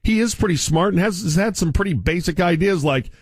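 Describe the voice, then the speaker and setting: A man's voice: high-pitched, animated, brisk, few pauses, no echo. A middle-aged man, a sports radio host delivering a furious, sarcastic rant from a studio microphone.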